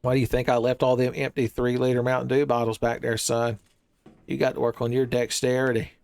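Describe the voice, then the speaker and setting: A man's voice: mid-range voice, flat delivery, fairly quick, creaky, darkish tone, clear, resonant tone, no echo. A man giving rambling, joking commentary while he plays a video game, peppering his talk with "son" and bits of silly wordplay. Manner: rambling jokey riffing, calls viewers "son". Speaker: gaming streamer.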